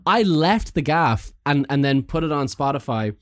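A man's voice: on the high side, animated, moderate pace, dry recording. Rambling man, dry close sound. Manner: rambling, self-correcting, laughs often. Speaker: podcast host. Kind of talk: casual chat.

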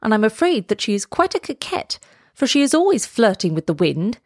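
A woman's voice: on the high side, big pitch swings, brisk, a little mellow, no echo, studio quality. A woman voicing a proud, fussy little male swallow in a storybook, lofty and chirpy. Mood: fussy, huffy. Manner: chirpy, lofty and self-important.

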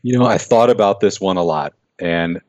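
An earnest man with a low voice tells a personal story as a podcast guest, reflective and halting, often restarting his sentences. The recording sounds dull and very dry. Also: a little mellow, no room sound. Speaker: guest, racing driver.

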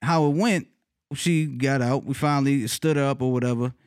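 A man casually telling a funny personal story, cursing freely, laughing often and leaping up in pitch when he retells his reactions. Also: moderate pace, a little mellow, smooth, no room sound, clean studio sound. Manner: laughs often mid-sentence.

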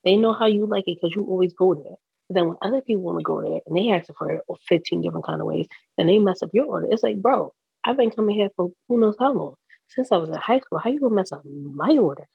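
A man with a New York accent, talking emphatically in casual street slang on a podcast. His voice is gravelly and a little husky, and the recording is dry and dull, like lo-fi audio. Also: high voice, lively intonation, quick pace, no echo. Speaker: podcast guest. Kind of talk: casual chat.

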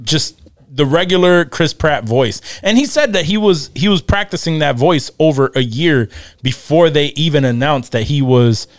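Smooth-voiced man in casual podcast banter. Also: fairly high pitch, moderate pace, no echo. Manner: laughs often, swears casually, puts on goofy voices. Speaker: podcast host.

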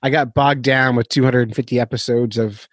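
A man's voice: mid-range voice, steady tone, fairly quick, dry recording. A man hosting a fishing podcast in casual chat, rambling and self-deprecating, chuckling often. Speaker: podcast host.

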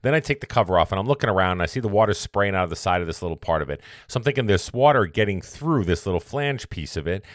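A man's voice: low-pitched, animated, fast talker, hardly any pauses, no echo, studio quality. A man hosting a podcast, telling a long story in a rambling, self-correcting way before turning it into a motivational point. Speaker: podcast host. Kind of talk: casual storytelling monologue.

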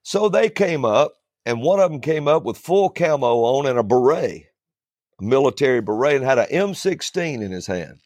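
A man who preaches, telling stories in a relaxed chat, often restarting his sentences and chuckling as he goes. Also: mid-range voice, no echo. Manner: rambling, starts over often, chuckles through stories. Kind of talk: storytelling in a casual panel chat.

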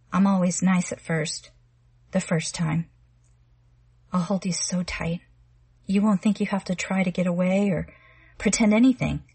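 A woman's voice: mid-range voice, a little mellow, husky. A woman reading the part of a menacing young man who sweet-talks and threatens a girl, in a sleepy, coaxing voice. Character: menacing smooth-talking young man, a stalker.

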